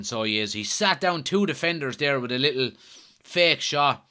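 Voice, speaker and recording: A man's voice: mid-range voice, moderate pace, sharp tone. An Irish man hosting a live football watchalong stream, chatting casually, reading out viewer comments and answering them. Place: at home.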